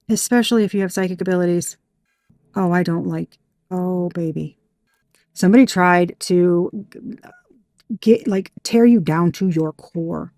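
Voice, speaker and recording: A woman's voice: medium pitch, a little mellow, no room sound, studio quality. A woman giving a tarot reading to her viewers, emphatic and heated, swearing freely. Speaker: tarot reader.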